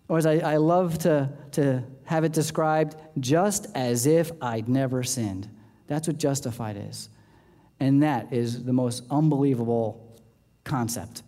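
A man preaches a sermon with a warm, mellow, fairly high voice. He keeps it conversational, often checking in with "okay?" and "right?" and laughing between points. The sound carries a long reverb, as if it were in a church hall. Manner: laughs between points, lively swings in pitch. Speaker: pastor.

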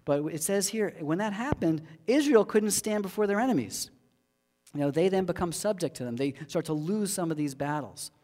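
A man's voice: high voice, lively intonation, moderate pace, a little mellow, long reverb tail. A man preaching a sermon, reading scripture aloud and talking it through conversationally, often checking in with his listeners.

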